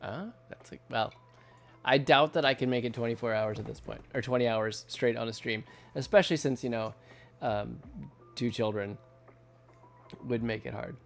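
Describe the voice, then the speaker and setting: Gravelly-voiced man chatting on a stream. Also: mid-range voice, moderate pace, soft background music. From United States. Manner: chatty, laughs often, rambling. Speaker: artist streamer. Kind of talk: casual livestream chat while drawing. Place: home studio at night.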